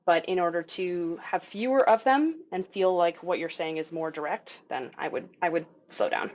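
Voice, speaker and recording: A woman's voice: fairly low pitch, moderate pace, a little mellow. A woman teaching a group voice lesson over a video call, in a casual, encouraging way, with filler words. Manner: casual, encouraging, demonstrates vocal sounds. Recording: dull lo-fi video call audio.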